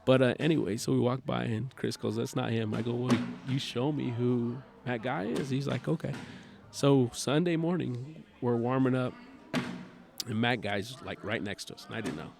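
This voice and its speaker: Gravelly-voiced man telling a story. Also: mid-range voice, moderate pace, noisy background. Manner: animated, chatty storyteller who acts out dialogue. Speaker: podcast guest, cornhole player. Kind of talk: casual storytelling chat.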